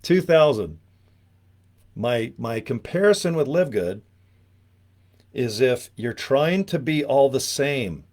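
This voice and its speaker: A man's voice: mid-range voice, unhurried, darkish tone. A man giving a casual training talk on network marketing, rambling and joking with frequent asides.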